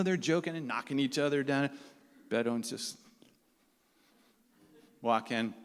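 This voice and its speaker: A man telling a personal story to a live audience, acting out the voices of the people in it. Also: mid-range voice. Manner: animated, acts out the people he quotes. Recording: long hall reverb.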